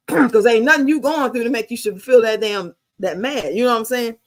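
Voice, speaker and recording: Blunt, bright-voiced woman in her fifties. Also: fairly high pitch, normal speed. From United States. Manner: blunt, profane, emphatic storytelling. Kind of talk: casual chat.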